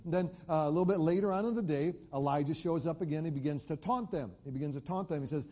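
Storytelling male preacher, mellow voice. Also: on the high side, quick pace, few pauses. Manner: storytelling with lots of uh fillers, acting out dialogue. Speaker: pastor. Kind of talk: sermon.

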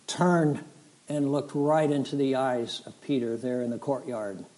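A middle-aged male pastor preaching a sermon, rising to loud emphatic swells and dropping to soft, solemn lines. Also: on the high side. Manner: slow, dramatic preaching that swells and drops.

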